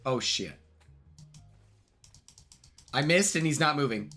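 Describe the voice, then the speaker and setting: A young man streaming, chatting casually and excitedly, repeating himself as he reacts. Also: fairly high pitch, takes it slowly, faint music behind. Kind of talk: casual chat reacting to clips and gaming.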